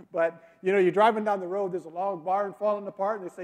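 A middle-aged man giving a sermon as a guest missionary speaker, telling folksy stories with drawn-out fillers. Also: high-pitched, a little mellow. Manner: folksy storytelling, drawling fillers. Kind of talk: sermon with a joke and slides. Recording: long hall reverb.

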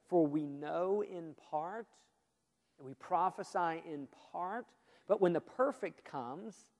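Pastor, male, high-pitched, earnest sermon delivery with quiet emphatic drops, big church reverb. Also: takes it slowly. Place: church sanctuary. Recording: long reverb of a church hall.

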